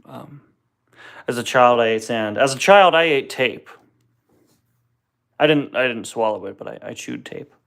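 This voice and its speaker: A man's voice: medium pitch, measured pace, gravelly, pauses often, a bit bright. A young man hosting a casual live question-and-answer stream from home, joking and tripping over his words, talking into a phone on a tripod. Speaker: livestream host.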